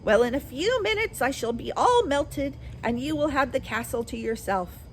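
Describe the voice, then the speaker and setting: A woman's voice: lively intonation, normal speed, a little hiss or hum. A woman voicing a cunning wicked old witch who wails and screams in despair while reading a storybook aloud. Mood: wailing. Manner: shrill, wailing and despairing.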